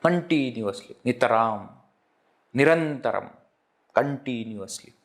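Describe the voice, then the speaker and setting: In a live online language lesson, a man with an Indian English accent teaches Sanskrit, saying each word, repeating it, then glossing it in English. His mid-range voice is expressive, his pace measured, and he chuckles frequently.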